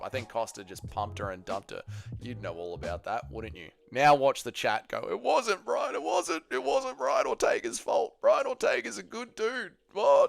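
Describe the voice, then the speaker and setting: A man hosts a casual livestream, reading viewer messages aloud and firing back crude jokes. His voice sits at an ordinary middle pitch, and faint music plays under his talk. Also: fairly bright tone. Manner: crude, joking banter with chat. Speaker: livestream host.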